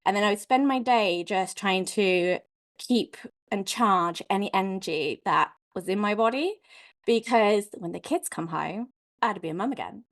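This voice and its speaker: Woman, podcast guest, candid and expressive, mid-pitched, chatty storytelling with loose slang. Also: normal speed. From Wales. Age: adult mother. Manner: frank, expressive, peppered with "like" and mild swearing.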